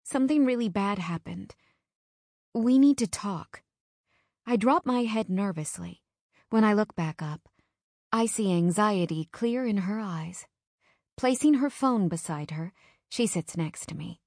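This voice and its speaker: A woman's voice: medium pitch, no room sound. Dry, close woman audiobook narrator. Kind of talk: first-person audiobook narration.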